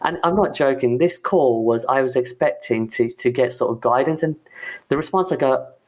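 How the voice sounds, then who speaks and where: A man, an IT manager, telling his own career story in a halting way, full of "you know" and "um". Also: medium pitch. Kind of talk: personal story talk.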